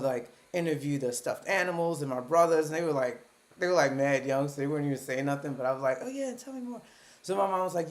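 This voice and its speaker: Chatty woman psychiatrist on a live stream. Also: deep voice. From Baltimore, United States. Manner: chatty, joking asides about herself. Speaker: psychiatrist hosting her own channel. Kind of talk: casual live-stream talk. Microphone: webcam at a computer.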